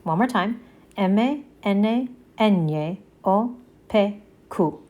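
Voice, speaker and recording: A woman's voice: medium pitch, lively intonation, extremely slow, darkish tone, lo-fi sound. A woman teaching a Spanish alphabet lesson, saying each letter twice and explaining its sound step by step. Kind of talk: slow, patient alphabet lesson.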